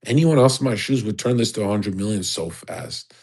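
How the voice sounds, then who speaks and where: A man's voice: lowish voice, animated, fairly quick, creaky, darkish tone, breathy edge. A man hosting a livestream, delivering a crude, rambling, exasperated monologue. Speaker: livestream host. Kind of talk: profane ranting monologue.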